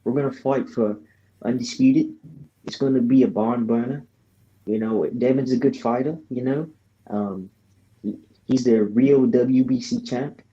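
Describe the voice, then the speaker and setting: A man's voice: mid-range voice, fairly even intonation, a little slow, warm tone, lo-fi sound, close to an everyday voice. A man doing a loose impression of a male pro boxer with an Australian accent. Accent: Australian (put on).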